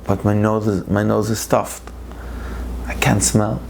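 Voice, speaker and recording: A man's voice: lowish voice, flat delivery, measured pace, gravelly, noisy background, pitched below the performer's own voice. Man doing a cagey stuffy-nosed fox. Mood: evasive. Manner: apologetic, evasive. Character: wary, flattering male fox with a stuffed nose.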